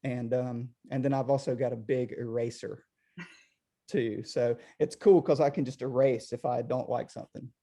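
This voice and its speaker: A man's voice: medium pitch, moderate pace. A middle-aged man, a potter, chatting casually over a video call, rambling with many restarts. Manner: rambling, animated, lots of restarts.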